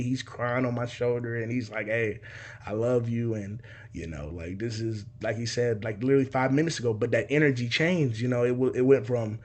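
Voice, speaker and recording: A young man casually telling a personal story, swearing freely and acting out other people's voices and sound effects. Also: mid-range voice. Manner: animated, profane, acts out voices and sound effects.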